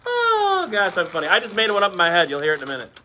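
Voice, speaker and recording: A male teacher running a playful lesson for children, cracking pirate jokes and slipping into a gruff pirate voice. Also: sits high, wildly swooping pitch, racing, bright, forceful tone. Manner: hammy, joking, slips into a gruff pirate voice.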